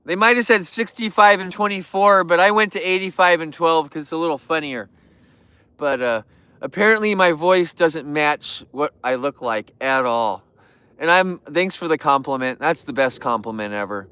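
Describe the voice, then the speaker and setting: A man's voice: on the high side, normal speed, pushed and bright, smooth, no room sound. A man hosting a casual livestream, chatting and joking in a goofy, youthful-sounding voice. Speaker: livestream host.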